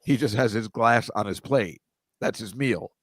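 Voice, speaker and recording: Guy co-hosting a podcast, rambly musing chat, lowish voice, dry sound. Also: moderate pace, no echo. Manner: rambling, musing, laughs easily. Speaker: podcast co-host. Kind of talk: casual chat.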